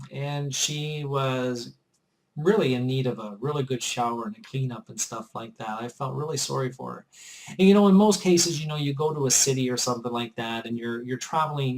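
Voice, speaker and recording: A man's voice: medium pitch, poor audio. A man vlogging, earnestly telling a personal story in a chatty, repetitive way. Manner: earnest and chatty, often repeats himself. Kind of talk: casual storytelling to camera.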